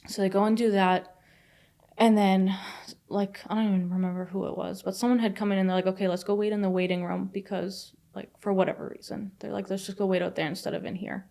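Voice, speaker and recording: A woman's voice: mid-range voice, flat delivery, gravelly, dark tone. A young adult woman telling a personal story in casual, rambling speech, full of "like" fillers and swearing. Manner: fast, filler-heavy retelling with frequent "like" and swearing. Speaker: guest.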